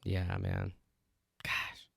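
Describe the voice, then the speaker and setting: A man's voice: low voice, monotone, extremely slow, vocal fry, fairly bright tone, slightly rough, dry recording, studio quality. Laid-back man who keeps saying dude. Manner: says "dude" a lot, bursts into laughter. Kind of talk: casual chat.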